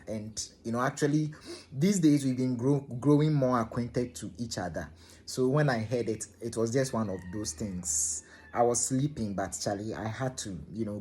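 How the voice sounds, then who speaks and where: A man's voice: medium pitch, a little mellow, slightly rough. A man chatting to viewers as he tells a story, repeating himself and checking in with his listeners. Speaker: storytelling vlogger. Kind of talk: casual spoken storytelling to camera.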